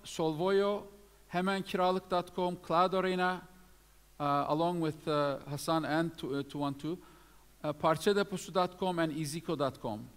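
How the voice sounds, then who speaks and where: A man presenting awards at a live event, reading out lists of names with many fillers. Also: fairly high pitch. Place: event hall. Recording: long hall reverb.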